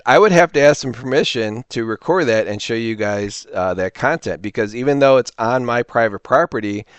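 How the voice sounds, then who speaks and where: A man hosting a reseller channel, chatting casually and telling a rambling, animated story with quoted voices. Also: mid-range voice, no room sound. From Illinois, US. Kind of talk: casual talking-to-camera vlog.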